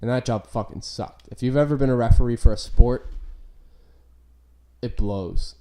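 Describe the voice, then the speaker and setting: A young man hosts a laid-back podcast, his voice low in brightness and warm. He rambles loosely, swears freely and leans on "like" between thoughts. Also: moderate pace, slight background noise. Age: young adult. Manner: rambling, profane, full of "like" fillers. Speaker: podcast host. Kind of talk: casual chat.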